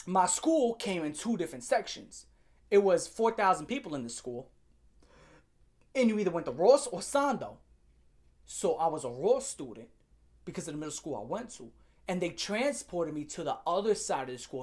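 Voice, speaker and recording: A man's voice: fairly high pitch, a little mellow. A young man telling a story from his school days to his viewers as a heated, profane rant full of slang, addressing them directly and repeating himself.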